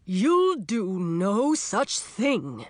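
A woman voicing a calm, stern old male ghost king in a storybook reading, speaking slowly and evenly. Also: medium pitch, no room sound, exaggerated voice.

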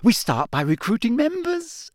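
A man doing a brisk, bossy teenage girl. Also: on the high side, very animated, no room sound, studio quality, pitched above the performer's own voice. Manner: brisk, insistent, talks over others. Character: bossy, earnest teenage schoolgirl, brisk and determined. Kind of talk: audiobook character voice.

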